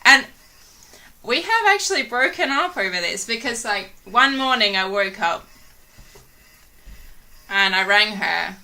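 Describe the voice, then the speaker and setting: A woman's voice: fairly high pitch, animated, measured pace, pauses often, bright, forceful tone. A woman vlogger telling rambling, giggly stories in casual chat, full of "like". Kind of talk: casual storytelling.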